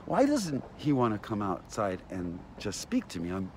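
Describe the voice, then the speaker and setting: A man's voice: lowish voice, wildly swooping pitch, moderate pace, a little hiss or hum. A man giving an agitated, aggrieved ranting monologue to camera, often repeating himself. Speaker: vlogger.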